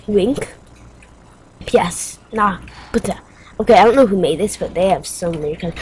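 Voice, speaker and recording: Woman rambling thru a let's play, jokes at herself, yelps a lot, slow talker. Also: medium pitch, a little mellow, slight background noise, low-quality recording. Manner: rambling, self-mocking, yelps and screams. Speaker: game player.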